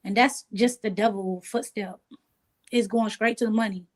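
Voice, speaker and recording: A woman talking as an interview guest in casual chat, relaxed and streetwise, often asking "you know what I'm saying". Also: medium pitch, moderate pace.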